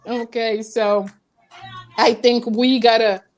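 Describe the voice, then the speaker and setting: A woman hosts a casual spiritual podcast, speaking in a reflective way. Her voice sits high. She mixes in small acted lines for the spirits she talks about. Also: level tone, takes it slowly, soft background music. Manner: reflective, acts out quoted spirits. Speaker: podcast host.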